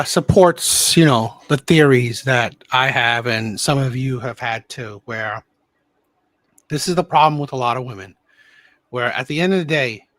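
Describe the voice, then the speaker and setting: A man's voice: medium pitch, fairly bright tone, no room sound. Male call-in host, emphatic and repetitive, dry close sound. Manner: emphatic, repeats phrases. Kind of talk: call-in show commentary.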